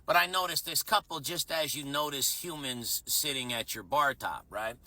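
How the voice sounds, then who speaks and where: Bright-voiced profane bartender telling a story. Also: male voice, medium pitch, moderate pace, dry recording. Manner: profane, rambling, self-mocking. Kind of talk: casual storytelling.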